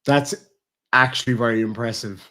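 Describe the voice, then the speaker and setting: A man's voice: mid-range voice, steady tone, moderate pace, sharp tone. A young man chatting casually with his partner on stream, swearing freely and acting out quotes. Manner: swearing, rambling storytelling with acted quotes. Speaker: streamer host.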